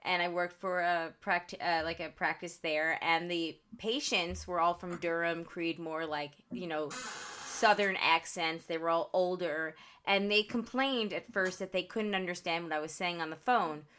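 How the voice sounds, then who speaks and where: A woman with a Long Island accent co-hosts a relaxed podcast chat, telling animated stories. Her voice is bright and forward, and she laughs easily between points. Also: fairly low pitch, unhurried, clear, resonant tone. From Long Island, New York. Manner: animated storytelling, laughs often. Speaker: podcast co-host. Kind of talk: casual chat.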